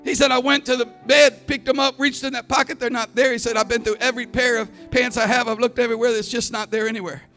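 A man preaching a Pentecostal sermon as a visiting evangelist, telling stories and rising into shouted climaxes. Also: very high-pitched, little pitch movement, fast talker, hardly any pauses. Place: church sanctuary. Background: soft organ music.

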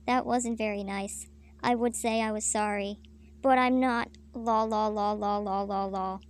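A woman reading a petty, taunting dark male angel, louder than her narration. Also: medium pitch, steady tone, a little fast, lightly acted.

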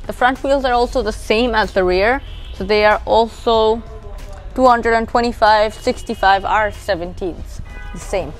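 A woman's voice: a little high, measured pace, faint music behind. A woman with a Bangladeshi English accent giving a casual walkaround car review outdoors, explaining features as she points them out, her voice drifting from the camera mic as she moves. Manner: chatty, explanatory, points things out as she goes. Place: outdoors beside a parked car.

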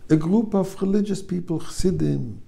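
A man, a rabbi, delivering a sermon and telling a joke, sprinkling Hebrew and Yiddish terms through animated storytelling. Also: high voice, normal speed, vocal fry.

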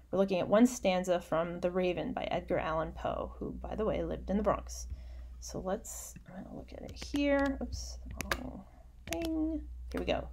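A woman with a mid-range voice teaches a recorded poetry lesson, explaining things patiently. As she annotates on screen, she mutters quiet asides to herself.

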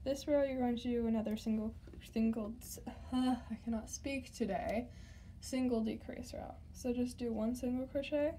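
A woman with a fairly high, mellow voice explains a craft project step by step, talking straight to the viewer. She sounds a little hoarse and trips over her words at times, under a faint hiss of background noise. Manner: chatty, talks to the viewer directly, stumbles over words. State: slightly hoarse, losing her voice. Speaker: craft tutorial host. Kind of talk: step-by-step tutorial instructions.

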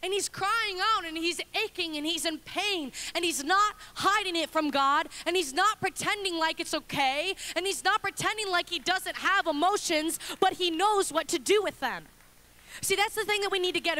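A woman pastor preaching a sermon in a church, impassioned, moving between quiet reflection and loud, urgent pleading. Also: very high voice.

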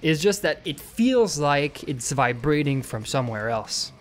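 Brief: young man, casual tutorial talk, mid pitch, faint music behind. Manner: explains with many fillers and "okay?" check-ins. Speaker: vocal tutorial creator.

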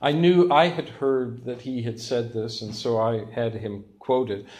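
An older man preaching a sermon as pastor, telling stories with lively, self-mocking humor. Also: medium pitch, measured pace.

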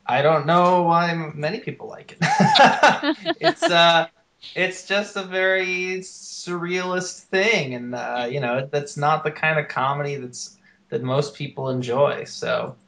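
A man's voice: a little high, lively intonation, slow, a bit bright. A man guest in a casual interview, hesitant and self-deprecating, who stumbles over his words. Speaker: guest, comedy songwriter.

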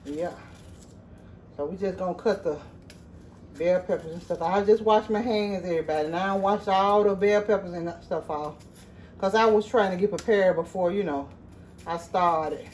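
A woman's voice: fairly low pitch, moderate pace, darkish tone, slight background noise. A woman chatting casually with her viewers while she cooks in her home kitchen, laughing easily and calling them y'all. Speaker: cooking vlogger. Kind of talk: casual cooking vlog chat.

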